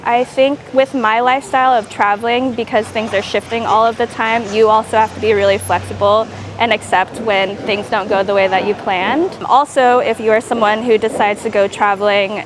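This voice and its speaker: A woman's voice: on the high side, steady tone, normal speed, background noise. Earnest woman giving travel advice outdoors. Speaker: interviewee. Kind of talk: street interview advice. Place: outdoors in a town.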